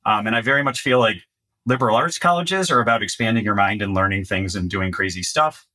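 A man's voice: on the low side, fairly quick. A man with a Midwestern accent hosting an interview, telling stories animatedly and asking questions. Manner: animated storyteller who quotes other people. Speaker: podcast host. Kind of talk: casual interview talk.

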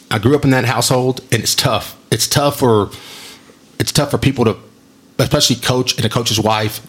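A man hosting a podcast in casual chat, energetic, full of "dude" and "man". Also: on the low side, breathy edge. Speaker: podcast host.

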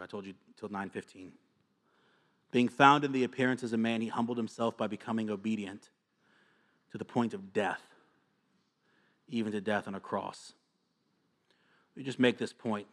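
A male pastor preaching a sermon to a gathered audience, earnest and confessional, moving between quiet asides and emphatic repeated lines. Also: lowish voice, steady tone, a little fast, long pauses.

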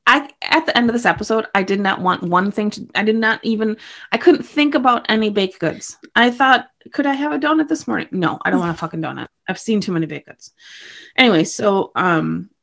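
A woman's voice: mid-range voice, brisk, vocal fry, fairly bright tone. Blunt, swearing podcast woman. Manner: blunt, swears casually, acts out characters' lines. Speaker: podcast co-host. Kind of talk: casual chat.

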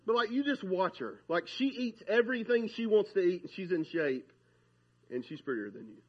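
A man, preaching a sermon in an animated, conversational way and often asking "right?". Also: sits high, normal speed, husky, dull audio. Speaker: pastor.

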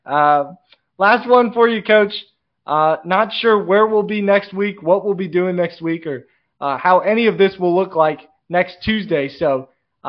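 A man with a slightly high voice, hosting a sports interview show and asking rambling, conversational questions. He talks over a video call, and the sound is muffled and lo-fi. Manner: conversational, loose questions with many "uh"s. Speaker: show host. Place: home room with a chart on the wall.

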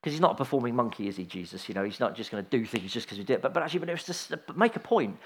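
A man's voice: medium pitch, sing-song, very fast, slightly rough. A middle-aged man giving an informal sermon, chatty and anecdotal, with frequent restarts and asides. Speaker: preacher.

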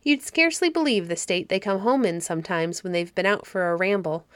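A woman reading the part of a cheerful, kindly old caretaker woman in a fairy story, in a gentle, homely way. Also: mid-range voice, fairly quick, clean tone, no echo, close to an everyday voice.

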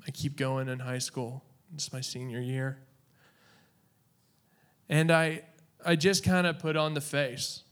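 A man from Oklahoma shares his faith testimony at a very unhurried pace. His voice sits at an ordinary middle pitch, and he speaks earnestly and haltingly, leaving long dramatic pauses between phrases. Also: flat delivery, a bit bright, clear, resonant tone.

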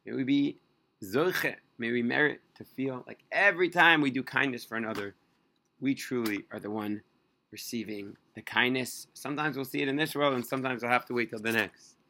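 A man telling a first-person story in scripted narration, earnest and expressive. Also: mid-range voice, a little fast.

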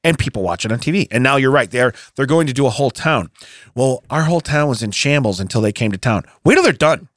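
A podcast co-host ranting in casual chat, acting out quotes from other people. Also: male voice, medium pitch, fast, no room sound, studio quality. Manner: animated ranting, acts out quotes. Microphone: studio mic.

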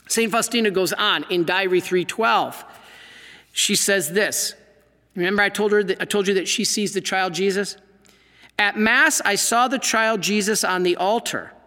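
Animated high-voiced male preacher. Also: big-room sound. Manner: animated, exclaiming, reading aloud from a diary. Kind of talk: Catholic sermon talk.

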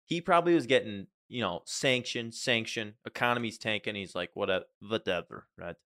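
A man's voice: fairly low pitch, moderate pace, fairly bright tone, no room sound, studio quality. A man co-hosting a casual podcast, joking around and slipping into mock voices for the people he talks about. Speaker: podcast co-host. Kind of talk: casual chat.

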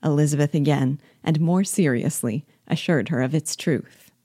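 Brief: woman reading a classic novel aloud, low-pitched and warm, steady and clear. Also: no echo, studio quality. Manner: measured, clear narration. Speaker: literature guide reading aloud.

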